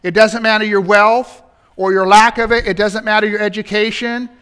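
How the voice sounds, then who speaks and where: A man's voice: high-pitched, little pitch movement, moderate pace, fairly bright tone, smooth. A man preaching a sermon in a church, building to emphatic points and turning to the congregation with asides. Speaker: pastor. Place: church sanctuary.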